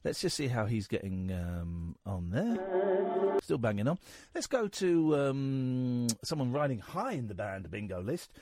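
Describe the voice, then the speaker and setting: A middle-aged man hosting a phone-in radio show, teasing and sarcastic, quick to cut callers off. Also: mid-range voice, big pitch swings, dark tone, dry recording, clean studio sound. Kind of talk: casual radio banter.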